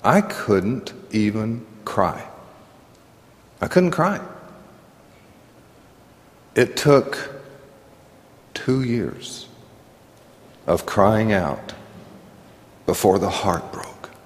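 Middle-aged male pastor, slow and earnest, conversational sermon with self-deprecating laughs, church hall reverb. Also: on the low side, animated. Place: church sanctuary.

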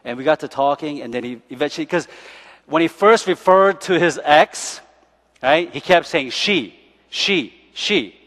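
Chatty storytelling pastor in echoey church. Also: male voice, a little high, normal speed, fairly bright tone. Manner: chatty storytelling, laughs often, keeps asking "right?". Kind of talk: sermon.

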